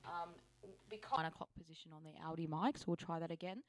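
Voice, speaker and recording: A woman's voice: fairly low pitch, lively intonation, a little fast. A woman, a singer, chatting casually and a bit self-deprecatingly while demonstrating microphones in her home recording setup. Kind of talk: casual demo talk. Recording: echoey room, faint noise.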